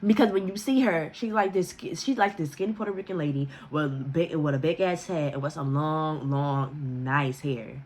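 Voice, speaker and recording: A young woman spins a casual storytime for her viewers in an unfiltered, profane voice. She is animated and keeps cracking herself up as she goes. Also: sits low, moderate pace, hardly any pauses. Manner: profane, animated, breaks into laughter. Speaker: vlogger.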